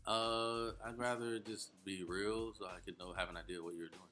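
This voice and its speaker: A man's voice: on the low side, fairly even intonation, moderate pace, sharp tone, faint music behind. A man co-hosting a casual chat, bemused and questioning as he tells stories. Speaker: podcast co-host.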